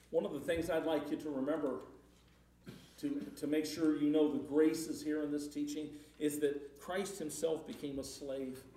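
A man's voice: a little high, dark tone. A man preaching a sermon in a conversational way, repeating words and rising into emphatic passages. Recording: roomy hall, far from the mic.

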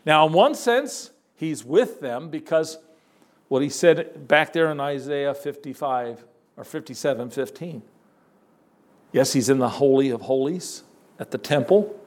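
A man preaching a sermon, emphatic and folksy, pausing and repeating words as he builds a point. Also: mid-range voice, darkish tone. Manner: folksy, addresses listeners as folks.

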